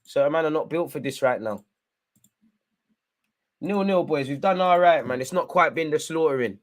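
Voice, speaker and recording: A young man, his voice sitting a little on the higher side, commentating live on a football match as a fan. He talks straight at the players and the manager as though they could hear him. He lurches from groaning at mistakes to loud hype. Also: normal speed. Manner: excitable, urges players on, swings between frustration and hype.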